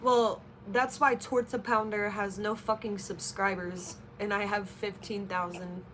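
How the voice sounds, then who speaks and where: Woman, young adult, livestream chat, slow drawl, cursing, noisy background. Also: medium pitch, flat delivery, a bit bright. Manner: blunt and profane, cooing baby talk to her infant. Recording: noisy home livestream audio.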